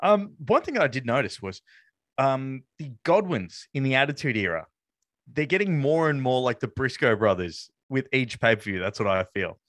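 A man's voice: medium pitch, big pitch swings, moderate pace, a bit bright, no echo. Man, casual podcast chat, rambling, amused, dry close sound. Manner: rambling, amused, many fillers. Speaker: wrestling podcast co-host.

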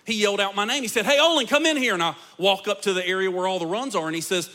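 Preaching a sermon to his congregation, this male pastor speaks rapid-fire. His high voice rings bright as every point climbs in intensity.

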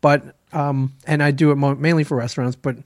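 A man co-hosting a casual chat, telling a story with halting restarts and reading aloud. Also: on the high side, steady tone, dry recording, studio quality. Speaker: podcast co-host.

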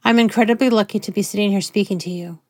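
A woman reading the part of a guarded, angry wounded man who speaks in low, clipped words. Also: steady tone, quick pace, dry recording, studio quality, lightly acted. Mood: troubled.

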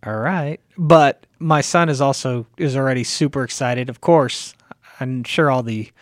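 A man's voice: mid-range voice, measured pace, no room sound, clean studio sound. A man co-hosting a casual chat podcast, explaining things earnestly with frequent restarts. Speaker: podcast co-host.

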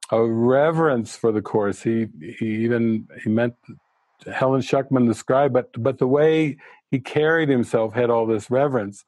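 A man's voice: mid-range voice, a little mellow, no room sound. A man giving a spiritual teaching talk as a retreat leader, earnest and searching, often restarting his sentences. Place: studio.

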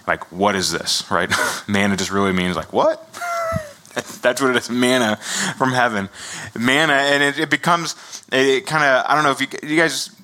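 A man's voice: fairly low pitch, pushed and bright. A middle-aged man giving a casual sermon, reading scripture and talking it through with many fillers and laughs. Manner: conversational, laughs often, many fillers and restarts. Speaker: preacher.

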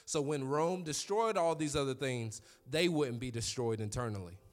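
A man in his thirties preaching a sermon, telling stories with lively quoted voices. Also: medium pitch, normal speed. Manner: animated storytelling with quoted voices. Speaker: pastor.

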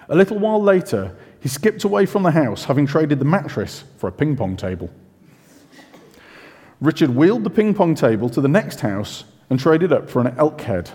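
A man giving a sermon in a relaxed, conversational way, full of self-questions and chatty asides. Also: fairly high pitch, normal speed, husky. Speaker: preacher. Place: church. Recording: reverberant church hall.

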